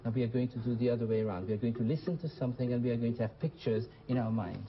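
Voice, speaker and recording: A man's voice: mid-range voice, very fast, lo-fi sound, over music. A man hosting a televised English lesson who questions his students and repeats their answers back to them. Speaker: English teacher and show host. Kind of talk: classroom teaching. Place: TV studio classroom.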